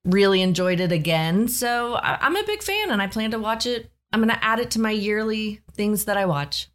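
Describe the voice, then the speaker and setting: A woman's voice: medium pitch, expressive, normal speed, fairly bright tone. Chatty woman comedian guest. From Texas, US. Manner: chatty, self-mocking. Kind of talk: casual podcast chat.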